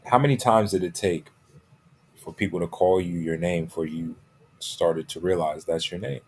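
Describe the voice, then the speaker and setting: With a little hiss or hum on the recording, a man speaks at normal speed in a low, darkish voice, giving a motivational coaching talk. He emphatically repeats his key phrases and keeps checking in with "right?" and "okay?".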